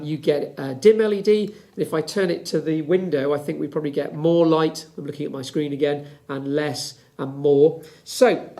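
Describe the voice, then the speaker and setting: Chatty physics teacher, slightly high voice. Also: male voice, a little mellow. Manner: chatty, explaining step by step. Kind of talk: home lesson with demonstration.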